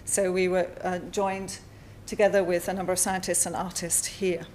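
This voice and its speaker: A woman artist giving a conference talk at a symposium, speaking in a measured way with frequent fillers and pauses. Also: on the low side, little pitch movement, a little mellow, slight background noise. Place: lecture hall.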